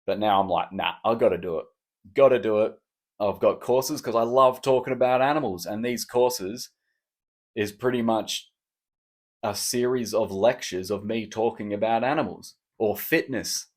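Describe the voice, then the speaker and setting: Cheeky rambling man. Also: lowish voice. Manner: rambling, cheeky, self-mocking. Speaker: podcast host. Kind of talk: casual solo podcast chat.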